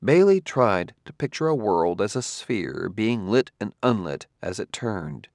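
Low-pitched guy reading a novel aloud, steady and expressive, super dry recording. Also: vocal fry, dry recording. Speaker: audiobook narrator. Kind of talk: scripted narration.

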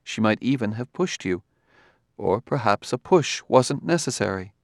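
Cast a male actor as an unflappable robot detective, formal and measured, mid-pitched, dry close sound. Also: expressive, no room sound, close to an everyday voice. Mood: calm. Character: calm, precise male humanoid robot detective. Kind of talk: audiobook character reading.

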